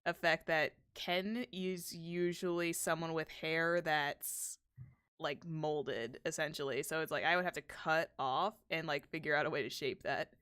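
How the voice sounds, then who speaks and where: Woman, low voice, smooth, rambling, chatty, casual stream host. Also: steady tone, measured pace, fairly bright tone. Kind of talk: casual chat while drawing.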